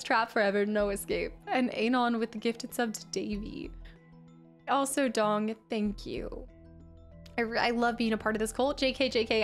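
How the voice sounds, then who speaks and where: A woman game streamer chatting casually with her viewers while she plays, laughing often and getting giddy over the game. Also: fairly high pitch. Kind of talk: casual live-stream chat while playing.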